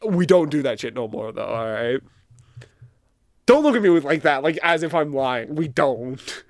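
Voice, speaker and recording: A man's voice: a little high, animated, normal speed, no room sound, clean studio sound. A young man guest on a podcast, rambling with embarrassment and swearing as he tells a story. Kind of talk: casual chat.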